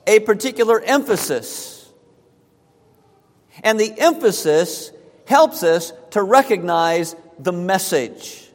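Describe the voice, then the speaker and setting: Slow, high-voiced male preacher in a reverberant hall. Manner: emphatic preaching, repeats key phrases, slows for stress. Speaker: pastor. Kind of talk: sermon. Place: church sanctuary.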